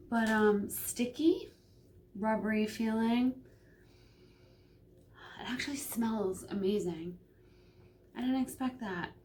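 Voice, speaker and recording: A woman talking casually in a home vlog, chatty and hesitant with frequent ums, sometimes dropping to a hush. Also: mid-range voice, slight background noise. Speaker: vlogger.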